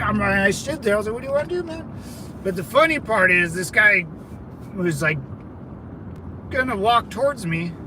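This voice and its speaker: A man's voice: high-pitched, background noise. A man hosting a livestream, telling rambling stories in a laid-back way and calling listeners brother. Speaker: livestream host. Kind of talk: casual storytelling to chat.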